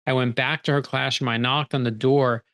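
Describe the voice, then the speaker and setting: A man, a guest author, telling stories in an energetic, animated conversational way and acting out quoted dialogue. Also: mid-range voice. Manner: energetic, animated, quick bursts when excited. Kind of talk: conversational storytelling.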